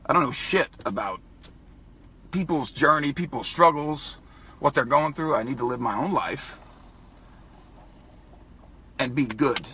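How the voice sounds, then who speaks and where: A man's voice: medium pitch, expressive, a little slow, long pauses, bright, forceful tone, breathy edge. A man talking emotionally in a profane vlog, crying and choked up as he speaks. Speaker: vlogger.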